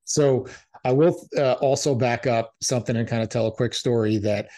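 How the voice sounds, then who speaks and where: A man's voice: medium pitch, normal speed, dark tone. Male podcast host, mid-range voice, enthusiastic and chatty. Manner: enthusiastic, grateful, conversational. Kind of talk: casual podcast conversation.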